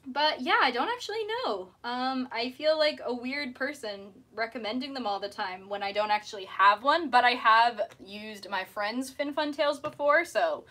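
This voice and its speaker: A woman's voice: a little high, lively intonation, moderate pace, hardly any pauses, bright, forceful tone. A young woman in casual live-stream chat, giggly and chatty, answering viewers while painting her nails. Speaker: mermaid streamer.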